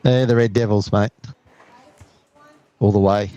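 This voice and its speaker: A man's voice: lowish voice, fairly even intonation, measured pace, dark tone, dull audio. A man with an Australian accent, co-hosting an outdoor plane-spotting live stream, friendly and chatty as he greets viewers. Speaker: co-host reading live chat. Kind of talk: casual live stream chat. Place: outdoors at an airport.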